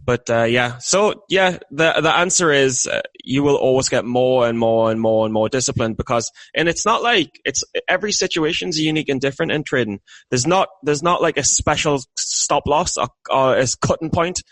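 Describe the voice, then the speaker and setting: A man's voice: medium pitch, lively intonation, normal speed, hardly any pauses, a bit bright, dry recording, low-quality recording. A British man co-hosting a podcast, talking casually in a rambling, self-deprecating way with many restarts. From Britain. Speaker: podcast co-host. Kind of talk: casual chat.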